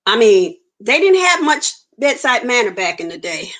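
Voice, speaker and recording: A woman's voice: fairly high pitch, sing-song, normal speed, a bit bright. Woman telling her story earnestly. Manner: earnest storytelling, acts out quoted dialogue. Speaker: interview guest. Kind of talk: personal testimony in conversation.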